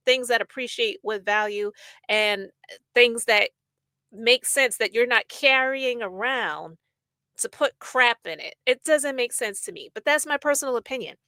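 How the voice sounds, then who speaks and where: A woman hosts a casual podcast, reading headlines and riffing with blunt opinions. Her voice is bright and forceful, sitting a bit high, recorded dry and close with no room sound. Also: dry recording. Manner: chatty, opinionated, reads news aloud and riffs. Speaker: podcast host.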